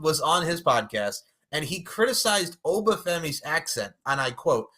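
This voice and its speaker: A man co-hosting a wrestling podcast, with a bright, forward voice. He talks in a casual, animated way, swears freely and laughs often. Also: on the high side, moderate pace. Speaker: podcast co-host.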